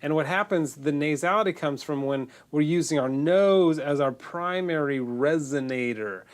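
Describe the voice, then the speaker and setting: A man's voice: fairly high pitch, normal speed. A man with a congested, nasal voice, teaching singing in a loose, casual lesson full of restarts. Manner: loose, demonstrating, self-correcting.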